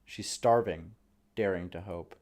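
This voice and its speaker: A man's voice: low-pitched, measured pace, a little mellow. A man reading a screenplay aloud on a live stream, with a casual manner and offhand asides.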